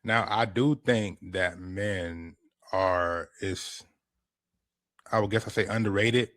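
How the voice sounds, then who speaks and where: Deep-voiced man, casual podcast host. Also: takes it slowly, no room sound. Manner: animated, laid-back storytelling with repeated restarts. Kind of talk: casual chat.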